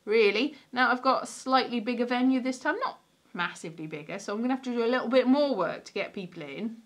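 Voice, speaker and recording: A woman's voice: a little high, animated, quick pace. A woman from Wales, a comedian, chatting casually on a livestream from her stairs, rambling, greeting viewers and restarting sentences. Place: sitting on stairs at home.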